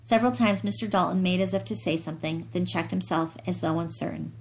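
A woman reads a novel aloud in a steady, dramatic way. Her voice sits a little low and has a gravelly edge. She gives the characters light voices of their own. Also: fast, a little hiss or hum. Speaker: audiobook reader.

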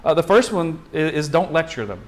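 A man preaching a sermon as pastor, in a conversational style full of rhetorical questions and quick restarts. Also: a little high, very animated, slight background noise.

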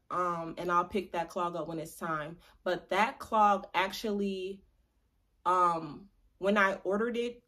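A young adult woman chatting to camera in a casual vlog, playful and chatty, drawing out words for emphasis. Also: fairly low pitch. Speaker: vlogger.

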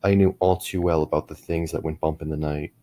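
A middle-aged man narrating a first-person horror story in a measured way, with frequent small restarts. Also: extremely low pitch, steady tone, mellow.

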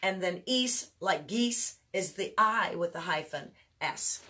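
A woman's voice: fairly low pitch, expressive, slow pace, pushed and bright. A woman casually walking parents through memory work, chatty and self-correcting, chanting and singing words while showing hand motions and dropping in mild faith phrases. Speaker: homeschool teacher reviewing memory work. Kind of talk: casual instructional walkthrough.

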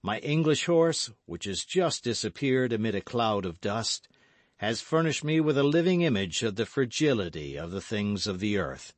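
A man's voice: on the low side, sing-song, moderate pace, no room sound. A man voicing a wistful young musketeer. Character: melancholy young male musketeer, pious and wistful.

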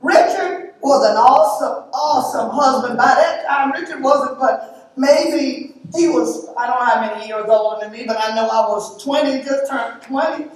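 A woman's voice: high voice, normal speed. A woman speaking at a memorial service, reading scripture and sharing heartfelt, emphatic memories. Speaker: eulogy speaker. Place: church or memorial hall. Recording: echoey hall from a distance.

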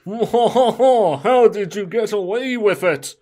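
A man putting on a comic French detective voice, booming with theatrical laughs. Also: lively intonation, measured pace, darkish tone. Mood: gloating. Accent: mock French. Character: hammy French male detective, gleeful.

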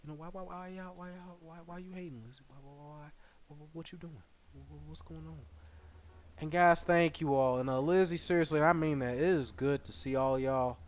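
A man streaming a game live, chatting with viewers and bursting into loud excited yells. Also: on the high side, brisk. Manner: excitable, bursts into loud yelling, banters with chat. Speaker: gaming streamer. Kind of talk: live gameplay commentary.

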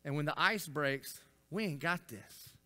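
Man, middle-aged pastor, folksy sermon storytelling, higher voice, very bright tone. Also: unhurried. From Florida. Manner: folksy, animated storytelling with acted-out quotes and rising intensity. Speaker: senior pastor.

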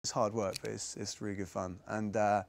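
A man's voice: on the low side, little pitch movement, a little fast, creaky. A young man from England, an actor answering pupils' questions in a casual, rambling, self-deprecating way with frequent laughs. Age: young adult. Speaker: actor guest. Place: school room with audience.

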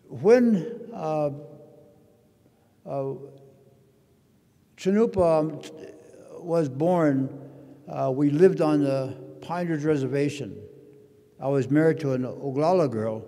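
An older man giving a rambling storytelling speech at a conference, halting with many fillers and restarts. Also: a little high, warm tone. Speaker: conference speaker. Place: conference hall. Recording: long reverb of a large hall.

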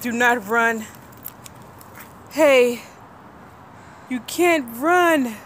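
Woman vlogger, high lively voice, unhurried, playful mom filming outdoors with faint background noise. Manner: animated, teasing, talks to viewers. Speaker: mother filming her child. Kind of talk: playful family vlog narration. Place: outdoors near woods.

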